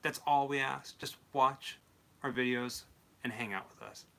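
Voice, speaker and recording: A young man co-hosting a late-night talk show, easygoing and chatty, quick to laugh. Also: medium pitch, steady tone, creaky, pushed and bright. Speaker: co-host. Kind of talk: casual late-night chat.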